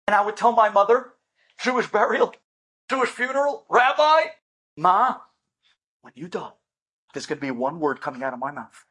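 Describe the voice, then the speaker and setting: A man voicing a bitter, estranged middle-aged daughter speaking in a low, cutting tone. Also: sing-song, a little fast, long pauses, fairly bright tone, husky, heavily acted.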